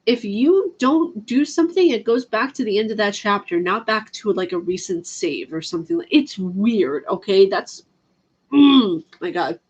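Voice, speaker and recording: A woman's voice: mid-range voice, animated, a little slow, breathy edge, lo-fi sound. A woman chatting casually on a live stream about video games, laughing often and answering her chat. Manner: chatty, giggly, reads chat aloud.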